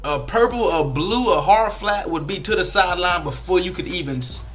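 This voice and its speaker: A man's voice: high voice, moderate pace, faint music behind. A young man giving casual, frustrated commentary over a football video game, swearing often and shifting between rants and storytelling. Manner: frustrated, animated, swears a lot, African American Vernacular English speech patterns.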